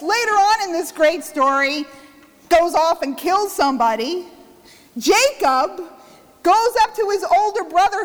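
Woman pastor preaching, high voice, funny self-mocking stories, church reverb. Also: fairly bright tone. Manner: self-mocking storytelling, acts out quotes. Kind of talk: sermon.

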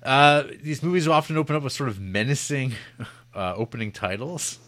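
A man's voice: medium pitch, animated, normal speed, fairly bright tone, dry recording. A man hosting a casual film review podcast, rambling and joking as he sums up the story. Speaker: podcast host.

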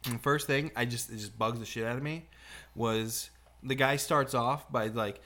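A man's voice: medium pitch, moderate pace. A man co-hosting a casual podcast, telling stories animatedly and swearing freely. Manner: animated storyteller, swears a lot, mimics people he talks about. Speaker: podcast co-host. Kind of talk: casual chat.

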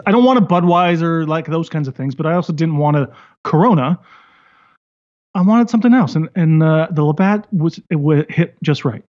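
A man's voice: on the high side, darkish tone, muffled recording. A man co-hosting a podcast in easygoing casual chat, hesitant and full of fillers. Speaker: podcast co-host.

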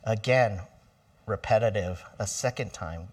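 Middle-aged pastor guy preaching slow and chatty, checks in with the church, mic a bit far off. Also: mid-range voice. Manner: conversational, asks the church for responses. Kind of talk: sermon.

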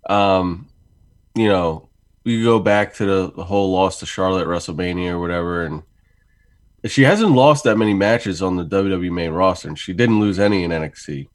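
A man's voice: low voice, normal speed, no echo. A man co-hosting a casual talk show, laying out his points at length in an easygoing way. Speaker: podcast co-host. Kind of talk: casual chat.

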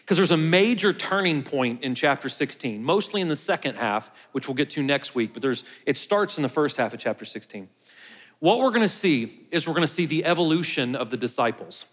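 Fairly high-pitched and fairly bright, the man's voice is animated and brisk as he delivers a sermon as pastor of his own church. He talks casually and jokes with the congregation while the large hall adds long reverb.

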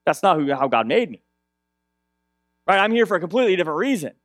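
A man voicing a young shepherd who calmly and firmly denies an accusation. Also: sits high, fast, no echo, clean studio sound.

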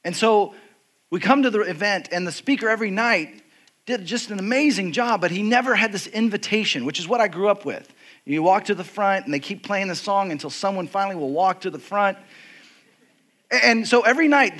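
A middle-aged man preaching a sermon, telling a personal story with animated highs and soft, quiet heartfelt passages. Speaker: pastor.

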